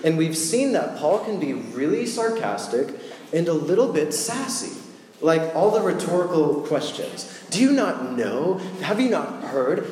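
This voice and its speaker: A man's voice: on the high side, darkish tone, a little hiss or hum. A man giving a casual sermon, chatty and joking with slangy asides. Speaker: preacher. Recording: echoey hall with long reverb.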